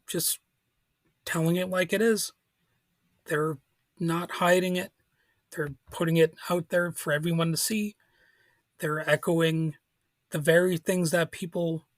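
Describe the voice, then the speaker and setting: A man's voice: on the high side, dry recording. Man hosting a podcast, dry close sound. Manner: informal, halting, with restarts and soft laughs. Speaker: podcast host. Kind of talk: casual political commentary.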